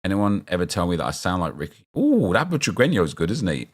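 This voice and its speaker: A man's voice: sits low, huge pitch swings, quick pace, breathy edge. A young man chatting casually as he streams a football game, rambling and answering his viewers' chat as he reacts to picks.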